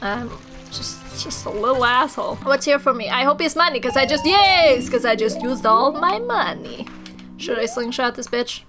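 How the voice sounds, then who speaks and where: Young woman playing a game, high voice, goofy and crude and kinda loopy, game music behind. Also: lively intonation, moderate pace, rough recording. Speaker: let's player. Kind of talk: gameplay commentary. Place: small hot recording room.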